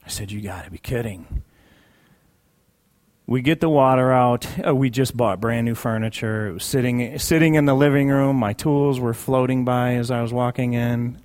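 A man at mid pitch tells a personal story to a congregation in an easy, conversational way. He leans hard on key words and repeats phrases for emphasis, dropping low and quiet at times. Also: fairly even intonation, moderate pace, hardly any pauses. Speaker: speaker sharing a personal testimony. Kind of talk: sermon storytelling.

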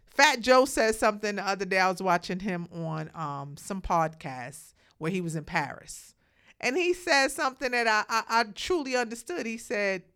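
A woman's voice: medium pitch, expressive, normal speed, fairly bright tone, clear, resonant tone. A woman talking straight to her viewers in a casual, outspoken monologue, calling them "hunties" and preaching about letting people be happy. She mentions having the hiccups. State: has the hiccups.

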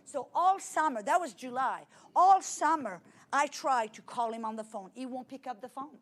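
A middle-aged woman from France with a French accent, preaching a personal testimony with dramatic swings from loud to hushed. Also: high-pitched, normal speed. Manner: animated storytelling with dramatic swings in loudness. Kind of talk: testimony sermon.

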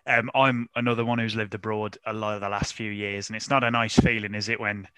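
A man hosts a casual football chat show in a bright, forward voice. He jokes and teases the guests, laughing easily, recorded close and dry with no room sound. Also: lowish voice, level tone, a little fast, smooth, no room sound. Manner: joking, teasing, laughs often. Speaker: podcast host.

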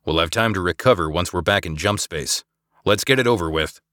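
A man voicing a gruff, wry ship captain giving commands, for an audiobook. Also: low-pitched, brisk, a bit bright, no echo, clean studio sound. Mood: commanding. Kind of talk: scripted audiobook acting.

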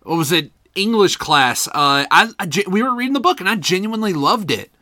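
A man co-hosting a podcast, telling stories in animated, casual, profane banter. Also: sits high, brisk, dry recording. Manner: animated storyteller, swearing, laughing often. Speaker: podcast co-host.

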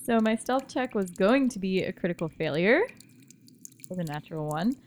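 A woman's voice: medium pitch, lively intonation, moderate pace. A woman playing a tabletop game, eagerly asking questions. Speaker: player.

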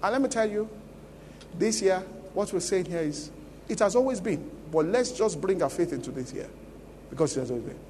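High-voiced Nigerian pastor preaching. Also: male voice, animated, brisk, darkish tone, big-room sound, slight background noise. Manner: emphatic, calls out questions to the congregation. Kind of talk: sermon. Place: large church conference hall.

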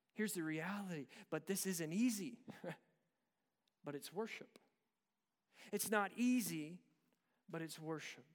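A man's voice: sits high, slow pace, long pauses. A man pastor preaching a sermon to a church, talking earnestly and conversationally and rising to intense swells. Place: church service.

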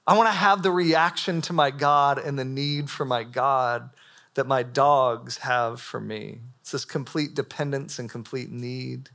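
A young adult man preaching a sermon to a live audience in a church hall, casual and animated, with frequent filler words. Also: medium pitch, unhurried, gravelly.

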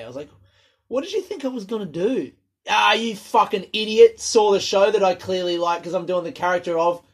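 A young man with a slightly higher voice talks in a loose, rambling monologue. He swears freely and goes off on tangents like a comedian unloading stories between gigs. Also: husky. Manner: rambling, profane, animated storytelling. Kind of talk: casual monologue.

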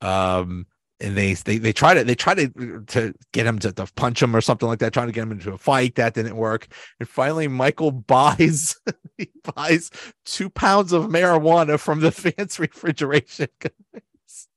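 A man's voice: medium pitch, moderate pace, fairly bright tone, no room sound, clean studio sound. A man hosting a podcast in casual chat, talking loosely, laughing often and acting out quotes. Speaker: podcast host.

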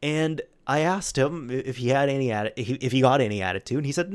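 A man hosting a solo podcast, casually telling a story with lots of restarts and animated retold dialogue. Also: medium pitch, fast talker. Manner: rambling, with many restarts and fillers; quotes friends in animated retellings. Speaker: podcast host.

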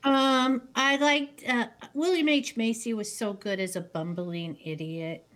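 A woman in casual conversation, expressive and joking. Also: a little high, measured pace. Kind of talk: casual chat.

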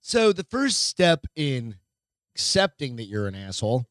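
A man's voice: medium pitch, sing-song, unhurried, fairly bright tone, no room sound, clean studio sound. A man co-hosting a casual podcast with his wife, self-mocking, swearing and rambling. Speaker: podcast co-host. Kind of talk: casual chat.

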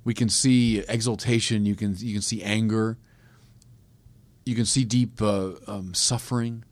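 A man preaching a sermon, swinging from quiet reflection to loud emphatic peaks. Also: on the low side, fairly even intonation, a little slow, dry recording. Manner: reflective, with small restarts and hesitations. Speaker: priest preaching.

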